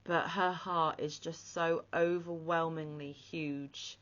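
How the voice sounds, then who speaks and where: A woman's voice: sits low, fairly even intonation, slow pace, a bit bright. A woman hosting a crochet vlog, talking casually and with heartfelt, emotional praise. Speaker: crochet channel host. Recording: slightly muffled lo-fi audio.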